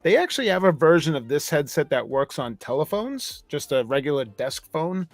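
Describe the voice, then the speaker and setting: Male co-host, mid pitch, rambling storyteller, dry studio sound, faint music. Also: sing-song, normal speed, dry recording. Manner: rambling anecdotes with frequent restarts. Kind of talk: casual review chat.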